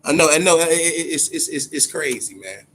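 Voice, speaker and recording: Profane, animated boxing stream host. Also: male voice, fairly high pitch, moderate pace, a little hiss or hum. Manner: profane, animated, greets chat viewers. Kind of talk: casual livestream chat.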